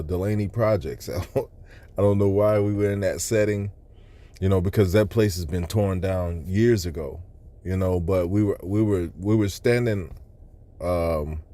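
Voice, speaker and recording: A man with a low, mellow voice shares a personal religious testimony recounting a vision. His telling is loose, rambling, and earnest, packed with "you know" asides.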